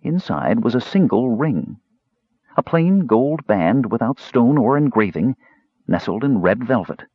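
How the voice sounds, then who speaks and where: Husky guy reading a fantasy audiobook, lots of ups and downs in his voice, lo-fi dry sound. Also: mid-range voice, measured pace, dry recording. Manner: expressive storytelling. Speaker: audiobook narrator. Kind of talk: scripted fantasy narration. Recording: dull lo-fi dry audiobook recording.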